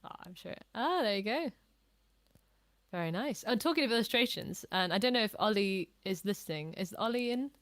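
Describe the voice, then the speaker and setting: A woman's voice: medium pitch, lively intonation, brisk, fairly bright tone, no room sound. Dry-sounding woman hosting a chatty live stream. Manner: chatty, reads out viewer comments. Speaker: host. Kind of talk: casual live-stream chat.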